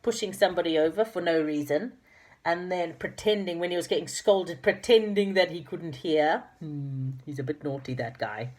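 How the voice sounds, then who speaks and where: Low-voiced woman reading a storybook aloud. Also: moderate pace. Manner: warm, affectionate with listeners. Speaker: reader of children's stories.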